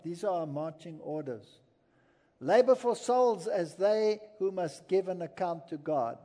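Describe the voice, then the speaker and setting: A man's voice: high voice, mellow. A man preaching a sermon to an audience, earnest and emphatic, telling stories between points. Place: large hall with an audience. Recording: long hall reverb.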